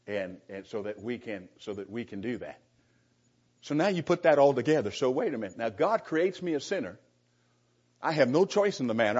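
Husky-voiced man preaching to a class. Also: mid-range voice, dull audio. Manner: sarcastic, chuckling, addresses the room directly. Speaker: preacher teaching a Bible class. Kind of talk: informal classroom sermon.

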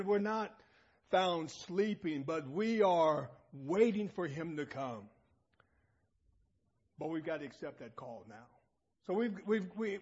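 Husky, higher-voiced man preaching. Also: darkish tone, lo-fi sound. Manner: emphatic, calls out to the congregation with questions. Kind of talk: sermon. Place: church assembly hall.

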